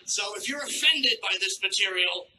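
A man doing a crude, sardonic stand-up set on a stage with a handheld mic, clearing a troubled throat now and then. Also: high-pitched, expressive, normal speed, very noisy. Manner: crude, brash and sardonic, with acted-out asides. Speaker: stand-up comedian. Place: comedy club stage.

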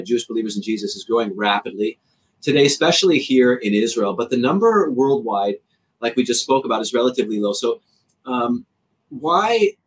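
A man hosting an interview, asking questions hesitantly with many ums and uhs. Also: medium pitch. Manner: hesitant, fills pauses with um and uh. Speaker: interview host. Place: Israel. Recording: distant mic, faint background hiss.

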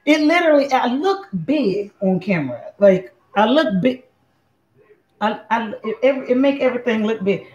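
A playful, chatty woman hosting a cooking show, her voice sitting a little high. She talks straight to her viewers in a relaxed, joking way. The sound is dull and lo-fi, with an echoey room around her. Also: normal speed. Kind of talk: casual live cooking chat.

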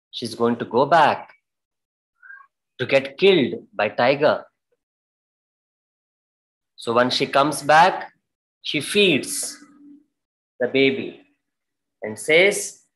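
Slow-talking man teaching dance online. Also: mid-range voice, a bit bright, rough recording. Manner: patient, explains and acts out scenes. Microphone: video call.

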